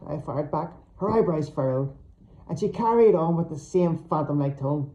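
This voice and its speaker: A man with a Northern Irish accent reading his own comic novel aloud, cheeky and sweary with deadpan asides. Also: on the high side, normal speed, poor audio. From Northern Ireland. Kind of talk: humorous story reading.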